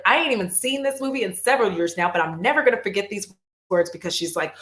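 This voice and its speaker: A woman vlogger chatting casually on a livestream, animated, swearing and laughing often. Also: mid-range voice, fast talker, echoey room.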